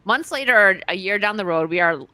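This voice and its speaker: Host, woman, bright crisp voice, dry close sound, chatty. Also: medium pitch, expressive, fairly quick, no echo. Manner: chatty, giggly, reads article aloud. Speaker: livestream host. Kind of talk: casual chat reading news aloud.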